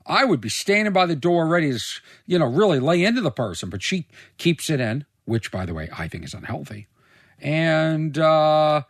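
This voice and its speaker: A man in casual commentary, reacting to a reality show clip, animated and incredulous, sometimes putting on mocking impressions. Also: a little high, no echo, studio quality.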